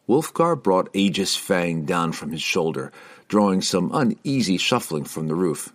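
A man narrating an audiobook in an expressive reading style. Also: sits low, measured pace. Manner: expressive reading, shifting into character voices.

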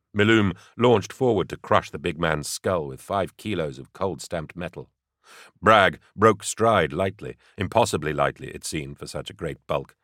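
A man narrates an audiobook with steady, measured storytelling. His voice is very deep and low. The recording is close and dry, with no room sound. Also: no room sound. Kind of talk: scripted narration.

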